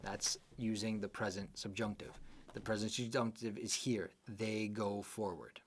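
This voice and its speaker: A man's voice: fairly low pitch, fairly even intonation, measured pace, breathy edge. A man teaching a live online English exam class, explaining patiently and often checking in with "okay?" and "right?".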